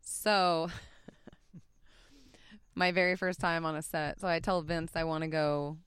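A woman's voice: sits low, level tone, takes it slowly, fairly bright tone, smooth, dry recording, studio quality. A young woman telling stories as a guest in a casual chat, laughing often and restarting her sentences.

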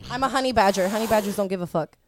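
A woman's voice: mid-range voice, racing. A woman guest in casual podcast chat, crude, brash and joking.

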